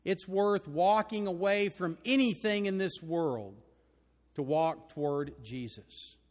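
An older man with a Texan accent delivers a sermon from the pulpit, earnest and emphatic, often swelling into loud, ringing declarations. His voice sits a little high for a man, and it trails off into the long reverb of a large church hall. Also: takes it slowly. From Texas. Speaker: preacher. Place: church auditorium.

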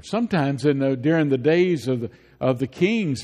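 A man's voice: mid-range voice, animated, normal speed, a little mellow, in a large hall. A man preaching a sermon, asking rhetorical questions and repeating his points over and over. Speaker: pastor.

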